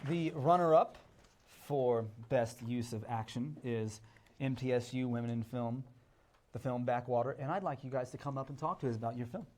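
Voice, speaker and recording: A man's voice: mid-range voice, moderate pace, darkish tone, a little hiss or hum. A young man hosting an awards show, loose and joking, laughing between lines. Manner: laughs often, chatty and loose. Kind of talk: casual, joking live emcee.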